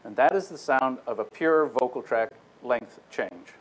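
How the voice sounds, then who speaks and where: Guy giving a tech talk, explaining calmly, sometimes sings out vowels to show stuff. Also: mid-range voice, a little slow, husky, rough recording. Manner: explanatory, demonstrates vowel sounds with his own voice. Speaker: lecturer. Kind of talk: technical lecture. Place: lecture room.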